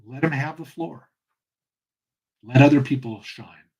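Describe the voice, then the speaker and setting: A man hosting a reflective solo talk, speaking in an earnest, passionate way with frequent pauses and restarts. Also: mid-range voice, a little mellow, husky, lo-fi sound. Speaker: host.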